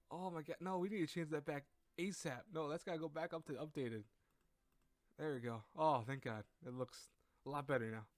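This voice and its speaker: A young man casually commentating a visual novel playthrough, excitable and quick to exclaim. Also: on the high side, no room sound. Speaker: let's play gamer.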